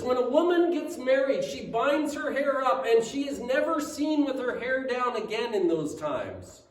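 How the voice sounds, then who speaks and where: A man's voice: very high voice, very animated, unhurried, few pauses. A man preaching a sermon as pastor, telling a story with asides and rhetorical questions to the congregation. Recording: echoey room, mic at a distance.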